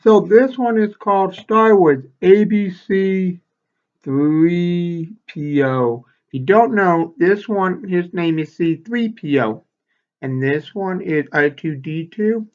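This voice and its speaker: A male elementary school teacher reading a picture book aloud to children, expressive and stopping to explain the pictures. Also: high-pitched, a little slow, highs cut off.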